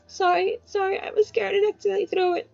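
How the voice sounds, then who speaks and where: A woman voicing a frightened, earnest young village girl who pleads in a shrill voice. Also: little pitch movement, quick pace, creaky, a little mellow, no echo, dull audio, soft background music, full character voice. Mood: pleading.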